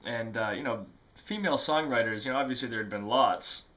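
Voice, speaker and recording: Rambling man with a bright voice. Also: mid-range voice, a little fast. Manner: rambling, many fillers and restarts, self-deprecating laughs. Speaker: music vlogger. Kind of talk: casual talk to camera.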